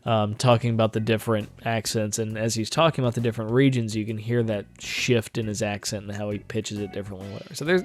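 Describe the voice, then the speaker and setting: A man talks at an ordinary middle pitch in a loose, self-critical vlog monologue, trailing into fillers and restarts as he goes. Faint guitar music plays softly behind him. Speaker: channel host.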